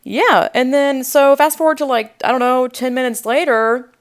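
A young woman podcast host telling a story in a rambling, animated way, full of asides and quoted reactions, with a sore throat. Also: sits high, moderate pace. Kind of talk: casual storytelling.

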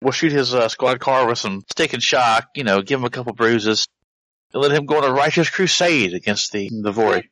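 Male player, mid pitch, bright tone, dry sound; loose, rambling planner. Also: brisk, no room sound, rough recording. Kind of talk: tabletop role-play chat.

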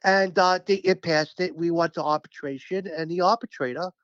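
A man speaking as a union representative, telling stories in an animated, emphatic, profane way during a casual interview. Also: fairly high pitch, normal speed, no room sound, lo-fi sound.

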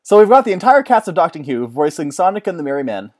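A man in casual chat, excitable and rambling, often laughing. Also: a little high, fast.

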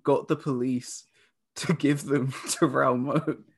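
A man who is a podcast guest, explaining a story in casual chat, low-key and full of fillers. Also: level tone, slow, slight background noise.

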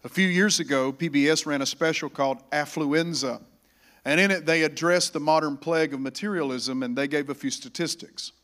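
Pastor, male, mid-high voice, sermon delivery with rising emphasis. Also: a little fast. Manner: preaching, swells loud on scripture, calls congregation to repeat. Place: church.

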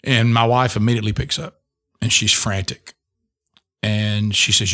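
A man's voice: lowish voice, fairly even intonation, moderate pace, a bit bright. A middle-aged man, a radio host telling an emotional personal testimony in an earnest way, full of restarts. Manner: earnest storytelling with many restarts.

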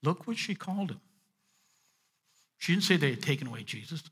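A male pastor preaching a sermon, reading and unpacking scripture, dropping to a hush and then rising to emphatic points. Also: a little high, fairly quick, slightly rough, in a large hall. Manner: expressive, swinging from hushed to emphatic.

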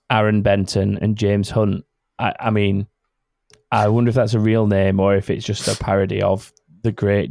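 Gravelly man, casual podcast host. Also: fairly low pitch, darkish tone, no echo, studio quality. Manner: rambling, self-correcting, laughs often. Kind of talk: casual chat.

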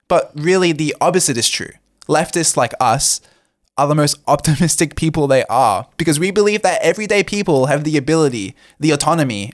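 A young man giving earnest political commentary in a casual chat, often pausing with "uh". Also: fairly high pitch, no echo, studio quality. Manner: earnest, with frequent "uh" fillers. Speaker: co-host.

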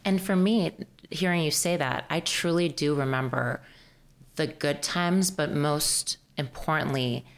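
A woman's voice: sits low, measured pace. A woman hosting a podcast, asking reflective questions of her guest. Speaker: podcast host. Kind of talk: interviewing.

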